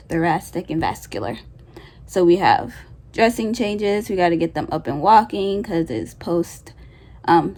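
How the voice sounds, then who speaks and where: A woman's voice: mid-range voice, dark tone. Young woman vlogger, casual and emotional, mid-range voice, lots of "like". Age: young adult. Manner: chatty, emotional, frequent "like" fillers. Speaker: new grad nurse vlogger. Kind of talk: casual storytime vlog.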